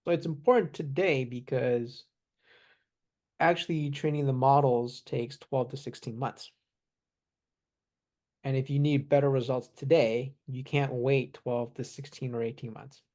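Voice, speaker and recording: A man in casual chat, relaxed, explaining technical points with examples and small laughs. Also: medium pitch. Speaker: AI expert guest.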